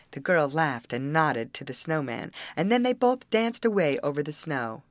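A woman narrating a fairy tale in a gentle, expressive read-aloud style. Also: low voice, normal speed, few pauses, no room sound. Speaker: storyteller. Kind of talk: storybook narration.

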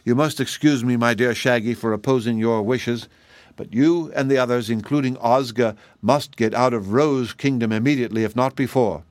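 A man's voice: medium pitch, normal speed, dry recording, lightly acted. A man voicing a meek, dutiful gardener in a storybook, explaining things earnestly.

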